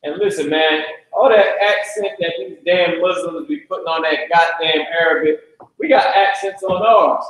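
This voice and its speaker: Man, somewhat high voice, classroom teacher, slangy and profane, heavy room echo. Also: normal speed, fairly bright tone. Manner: slangy, blunt and profane, drifts into asides. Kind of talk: loose classroom lecture. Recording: very echoey room.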